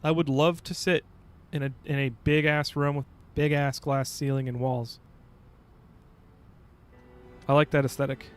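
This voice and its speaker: A man streaming a video game from home, chatting casually and reading game text aloud with quick asides. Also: a little high, flat delivery, clean tone, faint music behind. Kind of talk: casual gameplay commentary.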